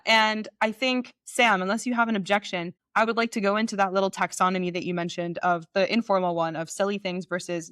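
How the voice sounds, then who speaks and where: A woman's voice: on the low side, fairly bright tone, no room sound. A woman co-hosting a podcast, putting long, courteous questions to her guest in conversational interviewing. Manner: courteous, sets up questions at length. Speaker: podcast co-host.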